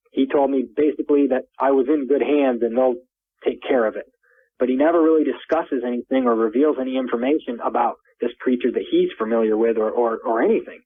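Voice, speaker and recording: Man, husky, calling in over a narrow phone line, rambling first-person storyteller who repeats himself. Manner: rambling, repeats words, climbs in pitch when excited. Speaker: caller recounting an encounter.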